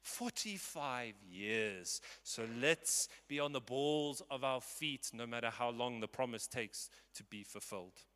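A man's voice: medium pitch, flat delivery, normal speed, few pauses, fairly bright tone, in a large hall. A man in his twenties preaching a sermon with passion and emphasis. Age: 20s.

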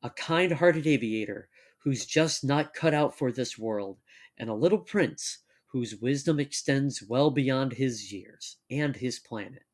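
A young man co-hosting a relaxed talk. He jokes around and laughs often. When he reads aloud, he slows to a measured pace, with an average pitch for a man. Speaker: podcast co-host. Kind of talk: casual chat and reading aloud.

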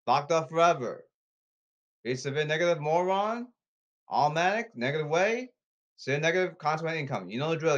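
A man rambling to his audience, reading rules off his phone and repeating himself insistently, with halting restarts. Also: on the high side, expressive, fairly bright tone, lo-fi sound. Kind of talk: rambling monologue to camera.

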